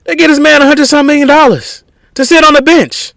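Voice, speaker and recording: A man's voice: very high-pitched, fairly even intonation, fairly quick, gravelly, fairly bright tone, dry recording. A man hosting a podcast, giving opinionated sports commentary in an emphatic, conversational way with frequent restarts. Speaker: podcast host.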